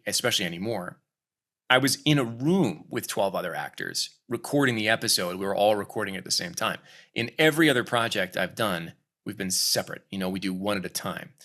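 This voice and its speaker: A voice actor chatting casually in an interview, lively and acting out quoted lines as he coaches. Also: on the low side. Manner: animated, acts out quoted voices. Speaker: voice actor guest.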